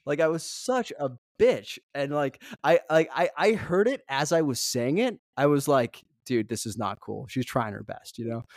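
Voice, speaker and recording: A man's voice: fairly high pitch, darkish tone, dry recording, studio quality. A man co-hosting a podcast, telling candid self-mocking stories in casual chat, full of fillers and asides. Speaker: podcast co-host.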